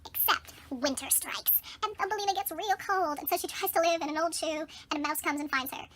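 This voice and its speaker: A woman's voice: very high-pitched, fast talker, a bit bright. A young woman vlogger casually retelling a film plot in a breezy, chatty way, acting out the characters.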